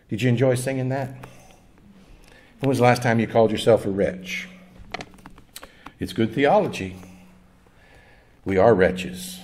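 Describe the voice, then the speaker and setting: A man's voice: medium pitch, expressive, a little slow, pauses often, a little mellow. A male pastor giving a conversational sermon in a church, with jokes and call-and-response with the congregation. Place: church sanctuary.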